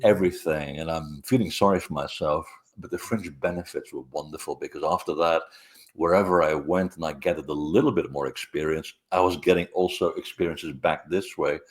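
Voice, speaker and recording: A middle-aged man, a guest author, telling anecdotes in a relaxed, rambling way with many hesitations. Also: extremely low pitch, a little fast. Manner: rambling, hesitant with frequent fillers. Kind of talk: conversational storytelling interview.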